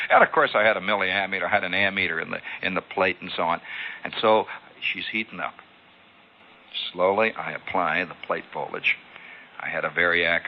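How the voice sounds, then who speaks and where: A man telling a comic story on the radio, acting out scenes with sound effects and voices. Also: low voice. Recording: dull lo-fi archival radio broadcast.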